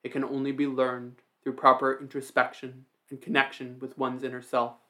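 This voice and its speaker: A man's voice: medium pitch, monotone, normal speed, pushed and bright, lightly acted. A man voicing a commanding ancient ogre woman in a storybook reading, speaking in a strong, assertive tone.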